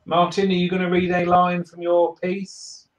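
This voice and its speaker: A man's voice: sits high, monotone, moderate pace, roomy sound, distant mic, slight background noise, rough recording. A British man co-hosting a live writing stream, chatting casually in a wry, self-deprecating way. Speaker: regular co-host. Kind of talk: casual chat among writers.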